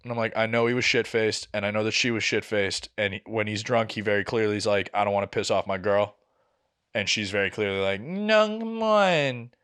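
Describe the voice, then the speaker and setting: A young man in his twenties telling a long story on a casual podcast, profane and animated, acting out what people said. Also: lowish voice, fast talker, clean tone. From New England. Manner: animated, profane, acts out quotes. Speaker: podcast co-host.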